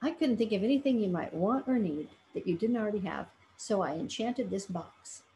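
A woman's voice: medium pitch, lively intonation, normal speed, warm tone, slight background noise, close to an everyday voice. A woman reading as kindly old Santa Claus.

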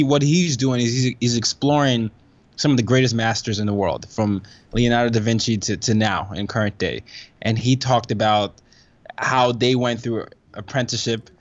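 A man's voice: mid-range voice, lo-fi sound. A man talking as a podcast guest in casual conversation, eager, restarting sentences often. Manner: enthusiastic, frequent restarts and laughs. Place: New York.

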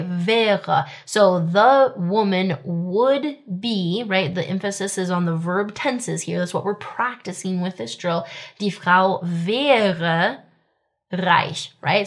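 A woman teaching a German grammar lesson in casual speech. She explains each step, keeps asking "right?", and says the German sample sentences slowly. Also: lowish voice.

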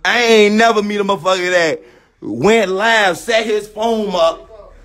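High-voiced Chicago man mocking loudly. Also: a little slow. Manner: mocking, shouting, profane slang. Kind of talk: rowdy livestream banter.

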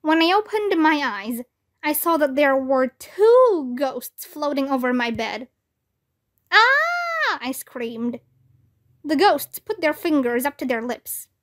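Brief: high-pitched woman narrating a kids' book, unhurried. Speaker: read-aloud narrator. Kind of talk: reading a children's book aloud.

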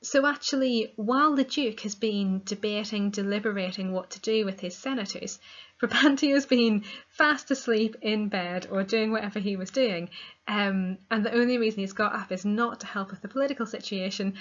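A woman's voice: mid-range voice, normal speed, muffled recording. Woman teaching a literature lesson. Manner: explanatory, reads quoted lines then paraphrases them. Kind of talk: literature lesson, reading and explaining a play.

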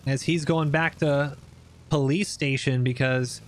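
A man giving lively, joking play-by-play commentary over tactical shooter gameplay as the channel host. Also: mid-range voice, a little slow, a little hiss or hum.

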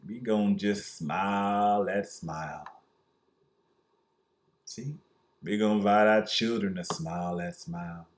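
A man voicing a menacing white Southern lynch-mob man with a put-on Southern accent and a slow, menacing drawl. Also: fairly low pitch, pitched below the performer's own voice.

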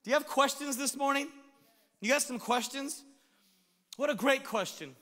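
A man preaching a sermon as pastor, animated, swinging between shouted lines and hushed asides. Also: very high voice, normal speed, long reverb tail. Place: church sanctuary.

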